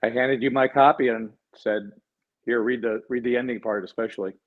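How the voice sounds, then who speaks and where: A male sports radio host talking into a studio mic, quick and playful, ribbing his co-hosts. His voice sits at a middling pitch, and the audio is a little dull and muffled. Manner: joking, quick and lively. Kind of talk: casual radio sports banter. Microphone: studio microphone.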